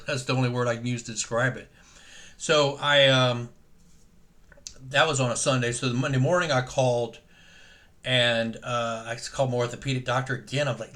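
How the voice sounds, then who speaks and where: A man's voice: medium pitch, steady tone, fairly bright tone. Man rambling through a personal story. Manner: conversational, halting, many fillers and restarts. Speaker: patient keeping a video journal. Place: at home in San Diego.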